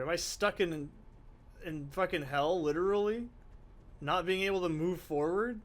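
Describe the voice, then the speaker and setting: Exasperated male gamer, cursing constantly, voice a bit higher than usual, faint background hum. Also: normal speed. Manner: ranting, profane, exasperated. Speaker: gaming channel host. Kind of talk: let's play commentary.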